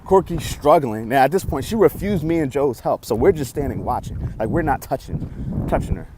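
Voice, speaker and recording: Young man vlogger, expressive storyteller, mid pitch, faint street noise outside. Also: moderate pace. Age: young adult. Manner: excitable, swings loud and soft, acts out lines. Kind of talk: animated storytelling.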